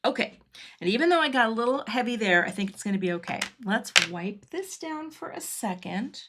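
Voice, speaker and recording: A woman's voice: a little high, animated, a little fast, heavy background noise. A middle-aged woman hosting a casual card-making livestream from her home craft studio, thinking aloud as she works and answering viewer comments.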